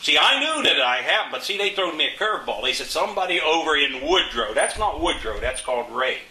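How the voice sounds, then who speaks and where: A man's voice: fairly high pitch, sing-song, fairly quick, bright, forceful tone, roomy sound, far from the mic, rough recording. An older man in a casual interview, telling folksy, indignant stories about his community, restarting and repeating words as he goes. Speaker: interviewee, local resident.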